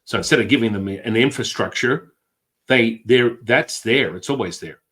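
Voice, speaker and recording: A middle-aged man, a guest, telling stories with excitable energy and casual swearing. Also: mid-range voice, normal speed. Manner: excitable, swears, acts out quotes in other voices. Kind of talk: animated storytelling.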